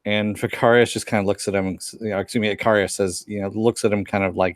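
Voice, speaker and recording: A man's voice: on the low side, little pitch movement, quick pace, no room sound, clean studio sound. A man co-hosting a casual review chat, retelling scenes and briefly acting out the characters' lines. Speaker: podcast co-host reviewing a TV episode.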